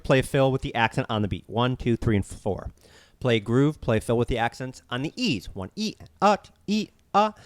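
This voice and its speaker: A man with a mid-range voice teaches a drum lesson, counting beats aloud and plainly explaining each step. The recording has no room sound.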